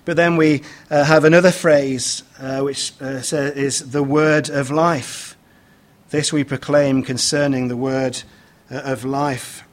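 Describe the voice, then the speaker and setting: A man preaching a sermon, speaking in a measured way with many "uh" fillers and restarts as he reads scripture aloud and explains it. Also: mid-range voice, flat delivery.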